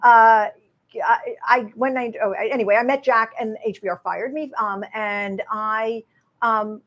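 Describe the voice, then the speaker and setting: A woman in her sixties, an author being interviewed at a live event, telling her story in an animated way and acting out quoted exchanges. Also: a little high, measured pace, muffled recording. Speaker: author and guest.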